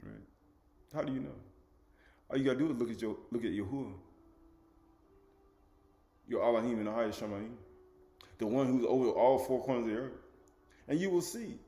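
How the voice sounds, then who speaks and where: A man's voice: medium pitch, moderate pace, pauses often, dark tone, echoey room. A man teaching a sermon, with rising emphasis, rhetorical questions and casual speech, acting out quoted speakers. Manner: colloquial, acts out quoted speakers.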